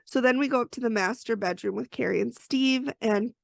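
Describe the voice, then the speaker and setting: A woman podcast host with a heavily gravelly, fry-laden voice set a little high. She recaps a story casually, with chatty asides. The sound is dry and close. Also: a little fast, no echo.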